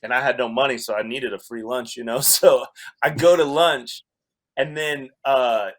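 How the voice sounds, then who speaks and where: A man's voice: mid-range voice, steady tone, moderate pace. A man from Wyoming, a comedian guest, casually telling a story with restarts and laughter. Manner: rambling, self-interrupting, laughs through the story.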